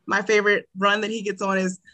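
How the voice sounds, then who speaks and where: Bright-voiced enthusiastic woman. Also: mid-range voice, little pitch movement, fast. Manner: enthusiastic, laughing often, hesitant with fillers. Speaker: podcast guest. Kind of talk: casual chat.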